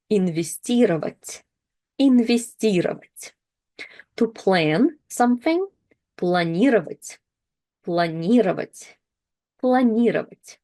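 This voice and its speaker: A woman teaching a language lesson, patiently explaining verbs and repeating each word slowly for practice. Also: mid-range voice, warm tone.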